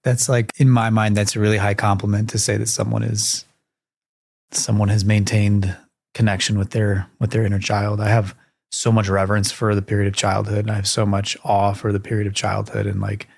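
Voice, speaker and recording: Man, podcast guest, thoughtful, flat intonation, dry recording. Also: on the low side, brisk, vocal fry, no echo. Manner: thoughtful, reflective, fillers like "like". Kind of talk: casual podcast conversation.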